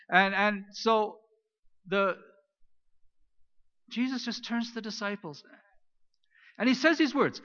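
A man's voice: fairly high pitch, expressive, moderate pace, pauses often. Man preaching a storytelling sermon. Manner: storytelling, swings between loud emphasis and near-whispered quiet. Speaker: pastor. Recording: dull lo-fi recording.

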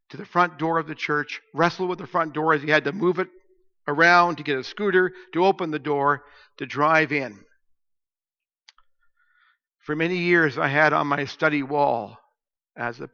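In a church sanctuary, a male pastor gives a storytelling sermon in a bright, fairly high voice that drops to a hush before rising to loud emphasis. The audio has a long church-hall echo and a dull, lo-fi tone.

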